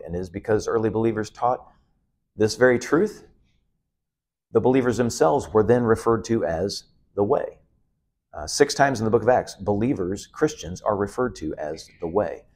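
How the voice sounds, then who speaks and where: A middle-aged man delivers an expository sermon in a low voice. He builds his points through emphatic repetition and drops in an occasional "um" or "uh" as he teaches. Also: animated, normal speed, darkish tone. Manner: emphatic, building repeated phrases, with "uh" and "um" fillers. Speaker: pastor teaching a Bible lesson.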